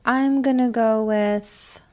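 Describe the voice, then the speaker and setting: A woman co-hosting a casual family chat, speaking gently and asking follow-up questions. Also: a little high, steady tone, takes it slowly.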